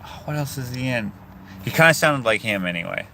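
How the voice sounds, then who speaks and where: A man's voice: medium pitch, lively intonation, fairly quick, bright, forceful tone, slight background noise. A man from Canada chats casually in a car to his phone and reads viewer comments, rambling and cutting himself off. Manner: rambling, chatty, self-interrupting. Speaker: vlogger. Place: inside a car.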